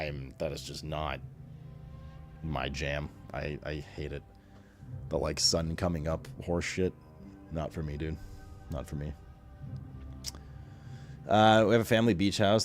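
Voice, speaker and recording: Man, very deep voice, casual streamer chat, rambling, profane, faint music in the background.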